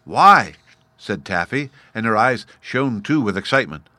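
A man reading a storybook aloud in a measured, lightly animated way. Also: lowish voice, dry recording.

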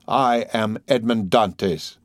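A man voicing a solemn, vengeful nobleman with a deep voice, speaking slowly and gravely in an audiobook. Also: no echo, clean studio sound. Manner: solemn, slow. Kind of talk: audiobook character voice.

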